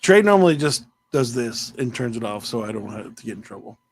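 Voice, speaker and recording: A man's voice: mid-range voice, very animated, fairly quick, husky. A man hosting a podcast, chatting casually with playful, self-mocking jokes and rambling asides. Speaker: podcast host. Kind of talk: casual interview chat.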